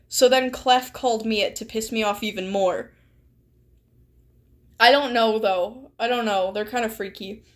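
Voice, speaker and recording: A woman streaming a game, chatting casually with sarcasm, giggles and swearing. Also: fairly high pitch. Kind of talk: casual live-stream chat.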